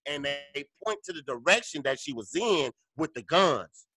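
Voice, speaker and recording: A man's voice: moderate pace, soft background music. A man co-hosting a podcast, telling a story in casual, profane chat and acting out his own reactions. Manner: animated, profane, acts out his own lines in a higher voice. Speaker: podcast co-host.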